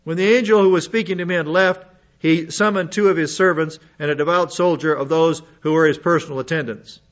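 A high-voiced man teaches a congregation from scripture. He reads a passage, then slips into chatty asides and questions to the room. The recording sounds dull and muffled. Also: fairly even intonation, a little fast. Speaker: preacher. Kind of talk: Bible teaching sermon.

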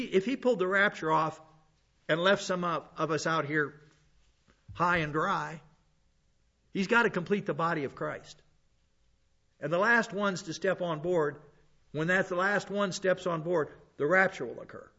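A man's voice: on the high side, fairly bright tone, muffled recording. A man preaching as a pastor teacher, blunt and conversational, often restarting his sentences. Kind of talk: sermon.

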